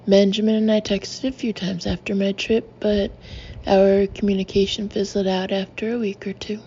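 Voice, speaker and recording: A woman narrating her own memoir as an audiobook, with wry, deadpan humor. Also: mid-range voice, moderate pace, dull audio, slight background noise.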